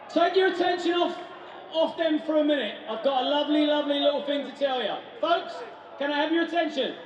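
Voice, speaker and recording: A man compering an outdoor rally through a handheld mic, joking and rousing the crowd. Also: extremely high pitch. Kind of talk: shouted rally speech. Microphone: handheld mic over a PA. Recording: echoey PA in a noisy street crowd. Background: crowd noise.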